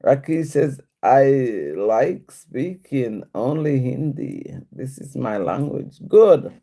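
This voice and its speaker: A woman's voice: rumbling low, expressive, slow, dark tone. A woman with a Jamaican accent on a live stream, reading viewer comments aloud and chatting back to them. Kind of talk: casual live-stream chat.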